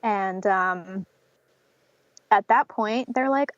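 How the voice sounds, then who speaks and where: A woman's voice: mid-range voice, unhurried, no echo. A young woman from North Carolina telling a personal story as a podcast guest, with many fillers like "um" and "like", acting out what others said to her. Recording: slightly dull lo-fi podcast audio.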